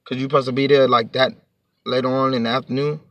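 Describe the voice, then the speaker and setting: A man's voice: medium pitch, little pitch movement, fast talker, no echo. A man telling a storytime to his vlog audience in a heated, profane, rambling rant, sitting a bit back from the mic.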